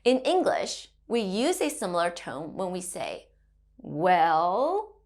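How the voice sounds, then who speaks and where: A woman in her thirties teaching Mandarin to children, gentle and encouraging, modelling sounds in a sing-song way. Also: mid-range voice, sing-song, unhurried. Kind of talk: children's language lesson.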